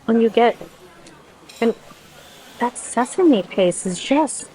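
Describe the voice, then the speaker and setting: A woman's voice: fairly high pitch, lively intonation, slow, dark tone, poor audio. A woman food vlogger tasting dishes and talking to the camera, effusive and exclaiming often as she eats. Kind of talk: casual food review to camera.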